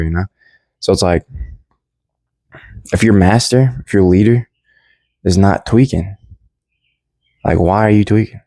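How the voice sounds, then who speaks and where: A man's voice: sits low, unhurried, long pauses, warm tone, no room sound. A young man rambling through a casual Bible commentary in slangy, laid-back speech full of restarts. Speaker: Bible study vlogger.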